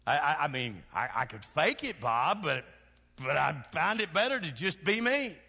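Southern pastor preaching in a reverberant hall. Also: male voice, big pitch swings, normal speed, husky. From Kentucky. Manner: swings from hushed lows to shouted exhortation. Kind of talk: sermon.

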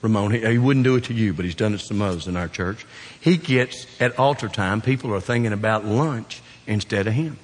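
Southern kentucky pastor guy preaching, jokey and folksy, long church echo. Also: a little fast. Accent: Southern US, South Central Kentucky. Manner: folksy, joking, rising to loud emphatic peaks then dropping low. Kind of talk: sermon. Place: church sanctuary. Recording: long hall reverb.

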